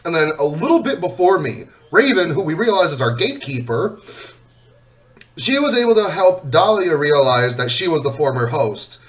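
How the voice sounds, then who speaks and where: A man casually talking to his viewers, reading comments aloud, emotional and swearing freely, swinging from loud outbursts to soft, quiet thanks. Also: a little high, very animated, moderate pace, dull audio. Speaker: content creator reading comments.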